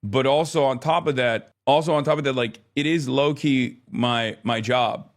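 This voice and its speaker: A man's voice: medium pitch, normal speed. Rambling exasperated male streamer. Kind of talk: casual live-stream chat.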